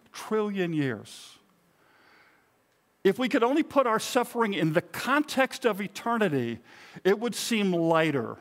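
A man's voice: high-pitched, a bit bright. A middle-aged man, a pastor, preaching a sermon in a conversational, self-deprecating way with touches of humor.

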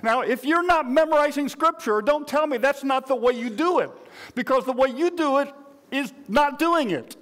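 High-voiced pastor in his sixties. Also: animated, normal speed, a bit bright. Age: 60s. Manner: folksy, joking, talks straight to the congregation. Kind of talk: conversational sermon.

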